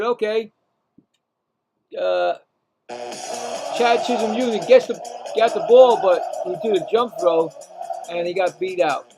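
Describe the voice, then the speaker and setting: A man giving casual, rambling live baseball play-by-play, chatting to himself between pitches and rising sharply in pitch on the calls. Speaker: play-by-play commentator.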